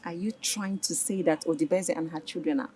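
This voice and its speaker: A woman's voice: lowish voice, fairly even intonation, a little fast, dark tone, slightly rough, dry recording. An actress playing a protective, indignant royal wife and mother with a Nigerian accent in a film drama. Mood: pleading. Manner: pleading, indignant. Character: protective royal wife, defending her children. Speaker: queen and mother.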